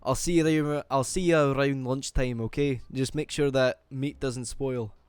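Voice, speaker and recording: A man's voice: mid-range voice, steady tone, normal speed, clear, resonant tone, dry recording, lightly acted. A man voicing Charlie, an amused male traveler who chuckles as he buys meat for the road. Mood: friendly. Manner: chuckling, easygoing.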